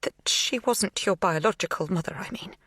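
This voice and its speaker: A woman voicing a desperate, tearful middle-aged mother who pleads in breathy half-whispers in an audiobook. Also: lowish voice, moderate pace, fairly bright tone, dry recording, studio quality, voice pushed up. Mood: pleading. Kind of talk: audiobook dialogue.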